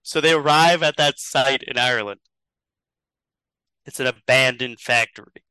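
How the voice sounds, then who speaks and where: A man's voice: medium pitch, moderate pace, sharp tone, clear, resonant tone, no echo, rough recording. A man improvising a comedic story as a podcast host, rambling and chuckling as he goes.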